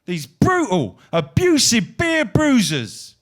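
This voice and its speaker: Man declaiming poetry with lively pitch. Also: slow pace. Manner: dramatic recitation with big swings in loudness and pitch. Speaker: guest poet. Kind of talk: spoken-word poetry performance.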